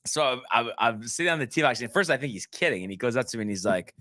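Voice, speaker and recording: Rambling bright-voiced man telling a story. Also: mid-range voice, expressive, very fast. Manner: rambling storyteller, many restarts and acted-out quotes. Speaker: podcast co-host. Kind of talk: casual chat.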